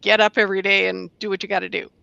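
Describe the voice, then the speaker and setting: A woman's voice: mid-range voice, little pitch movement, rapid-fire, gravelly, pushed and bright, dry recording. A woman hosting a casual interview, talking conversationally and affirming with short replies. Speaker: host. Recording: dry, dull lo-fi sound.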